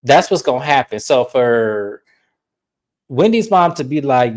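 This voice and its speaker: A woman's voice: extremely low pitch, animated, moderate pace, a little mellow. A woman hosting a podcast, casually recapping a reality show in a blunt, swearing storytelling way. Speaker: podcast host.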